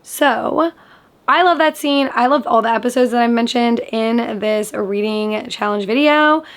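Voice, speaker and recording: A woman's voice: fairly high pitch, unhurried. A young woman reviewing books in a casual vlog, enthusiastic and chatty, with lots of "like". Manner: enthusiastic, chatty, many "like" fillers. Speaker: book vlogger.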